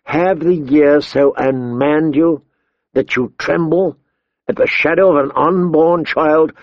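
A man voicing a stern, honorable male lord in an audiobook, firm and measured. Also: a little high, no echo, dull audio, pitched above the performer's own voice. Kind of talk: audiobook character voice.

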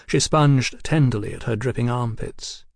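Brief: male audiobook narrator, mid pitch, measured and unhurried, dry studio sound. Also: creaky, no echo. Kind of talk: scripted novel narration.

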